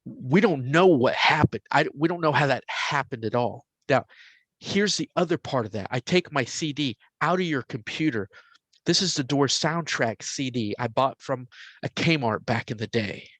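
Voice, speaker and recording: A man in his forties tells a story in a casual, conversational way, his voice sitting at an ordinary middle pitch. He gets animated at the exciting parts and drops into a hushed whisper when he quotes the voices. The recording is dry and close, with no room sound. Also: moderate pace, no room sound. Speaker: podcast host telling a story.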